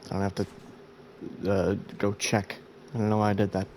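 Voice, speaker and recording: Just up and still sleepy, a gameplay host chats through his let's-play, wandering and self-mocking. He speaks at a normal speed in a lowish, darkish voice with completely flat delivery, and a little hiss or hum is audible.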